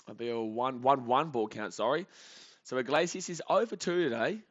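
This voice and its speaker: A young man hosting a live baseball reaction stream, calling the plays casually and reading out chat messages with bursts of excitement. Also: medium pitch, moderate pace, dull audio. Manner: casual chatty commentary, reads chat aloud, excitable.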